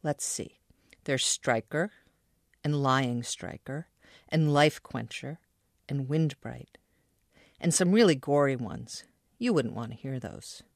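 Moody changeable aunt, read by a woman, slow and deliberate, dry close sound. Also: a bass voice, expressive, creaky, no echo, full character voice. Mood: playful. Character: moody adult aunt, warm then cruel.

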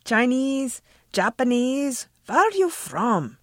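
Lady reading, doing a cranky old neighbor lady w/ a foreign accent, snapping questions high and loud. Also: sing-song, slow, dry recording, studio quality, exaggerated voice. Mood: impatient. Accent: foreign accent she puts on. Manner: demanding, repeating herself sharply. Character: suspicious old immigrant woman, impatient and blunt.

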